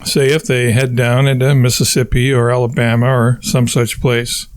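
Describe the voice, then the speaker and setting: Guy reading a funny audiobook, wry, normal pitch, really dry close sound. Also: level tone, normal speed, clear, resonant tone, dry recording. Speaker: audiobook narrator. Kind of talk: scripted narration.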